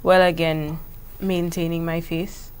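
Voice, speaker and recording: A woman answering as a talk show guest, thoughtful and measured, with soft laughs. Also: on the low side, flat delivery, a little hiss or hum, low-quality recording. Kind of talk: interview answers.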